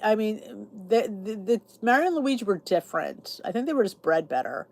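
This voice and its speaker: A woman's voice: medium pitch, sing-song, normal speed, gravelly. A woman hosting her own channel, chatting casually with viewers and answering their comments. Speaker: YouTube channel host. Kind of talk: casual live chat with viewers.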